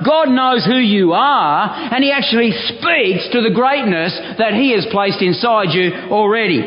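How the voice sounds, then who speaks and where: A male pastor preaching a sermon, reading scripture aloud with animated delivery and frequent restarts. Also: extremely high pitch, normal speed, hardly any pauses. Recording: echoey hall, dull sound.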